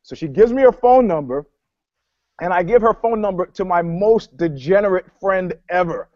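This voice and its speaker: Male storyteller, high voice, rambling with restarts, dull lo-fi recording. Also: expressive, normal speed, dry recording. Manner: rambling storyteller, many restarts, acts out quotes. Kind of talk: casual chat. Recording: dull, dry lo-fi sound.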